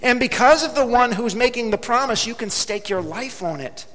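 A man preaching a sermon as pastor, speaking emphatically and slowing down to drop low on key words. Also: lively intonation, a bit bright. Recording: long hall reverb.

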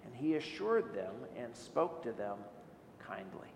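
A man's voice: sing-song, a little slow, vocal fry. Earnest preaching man in an echoey hall. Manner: earnest preaching with many rhetorical questions. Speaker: pastor. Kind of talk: sermon. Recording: echoey hall with faint low rumble.

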